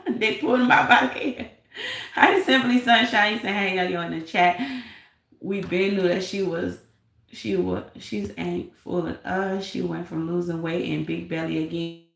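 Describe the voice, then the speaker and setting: A woman's voice: lowish voice, measured pace, gravelly, a bit bright, reverberant, poor audio. A woman hosting a live stream, reading chat and gossiping in a sassy, laughing way. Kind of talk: casual live chat commentary.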